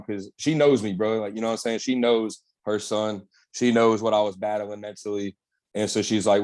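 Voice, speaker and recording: A man's voice: fairly low pitch, fairly even intonation, normal speed, darkish tone. A young man, a bodybuilder guest on an interview, telling his story in a laid-back, slangy way with lots of swearing. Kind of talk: casual candid storytelling.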